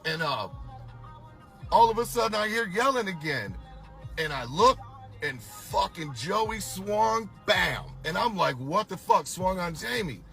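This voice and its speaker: A middle-aged man with a bright, forceful voice, pitched a little above most men, telling a story from his past. He talks in a loose, animated way and swears constantly. Faint music plays behind him. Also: unhurried, creaky. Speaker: storyteller recounting a past tour. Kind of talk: profane casual storytelling.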